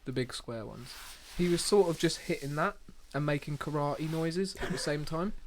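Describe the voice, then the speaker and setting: A man's voice: on the high side, normal speed, a little hiss or hum. A man co-hosting a casual chat, telling rambling anecdotes full of fillers. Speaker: podcast co-host.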